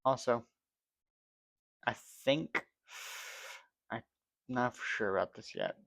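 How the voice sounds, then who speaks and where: Sleepy, gravelly gaming vlogger man. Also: mid-range voice, takes it slowly, a bit bright, dry recording. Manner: rambling, yawning, self-correcting. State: sleepy, dry mouth. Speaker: gaming channel host. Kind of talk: casual gameplay commentary.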